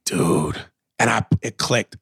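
Male co-host, bright, forceful voice, excitable and profane in casual recap chat. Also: lowish voice, slow, vocal fry, slightly rough. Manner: animated, profane storytelling with loud outbursts.

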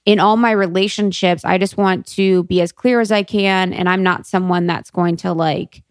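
A woman's voice: on the low side, fairly even intonation, moderate pace, no room sound, clean studio sound. A woman co-hosting a casual chat podcast, talking freely with plenty of "like" and "you know.". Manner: chatty, fillers of "like" and "you know".

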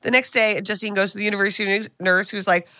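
A woman's voice: medium pitch, fairly even intonation, quick pace, sharp tone, dry recording, studio quality. An American woman co-hosting a podcast, retelling a film in casual chat and acting out the characters' lines. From United States. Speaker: podcast co-host. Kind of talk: casual movie recap chat.

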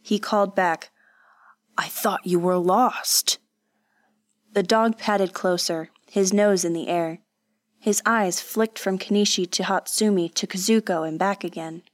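A woman narrating a novel aloud in a measured, emotive way. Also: fairly low pitch, dry recording. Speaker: audiobook narrator. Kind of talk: scripted narration.

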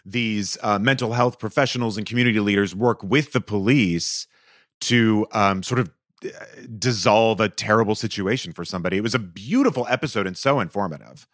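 A man's voice: on the low side, a little fast, dry recording, studio quality. A man co-hosting a podcast, talking in a wry, joking way. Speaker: podcast co-host. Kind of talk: casual chat.

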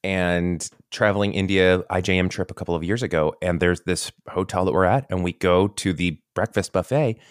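Podcast co-host, male, very low voice, dry close mic, rambling chatty storyteller. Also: normal speed, few pauses, clean tone, no room sound. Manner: rambling, animated storytelling with frequent restarts. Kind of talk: casual chat.

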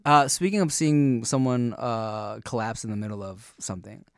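A man's voice: mid-range voice, moderate pace, dry recording, clean studio sound. A man co-hosting a podcast in casual chat, laid-back and slangy with lots of fillers. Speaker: podcast co-host.

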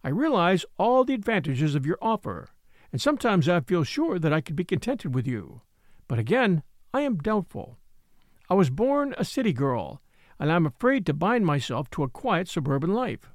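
Male narrator putting on a shy, frank young woman; lively lilt, dry sound. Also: sits high, moderate pace, no echo. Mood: hesitant. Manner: hesitant, soft-spoken. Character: young woman, hesitant and frank city girl.

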